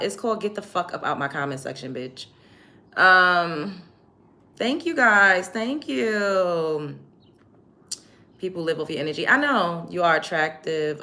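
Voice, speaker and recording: A woman's voice: lowish voice, bright, forceful tone. A young woman hosting a livestream, reading chat comments aloud and answering commenters in a blunt, profane, combative way. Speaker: livestream host.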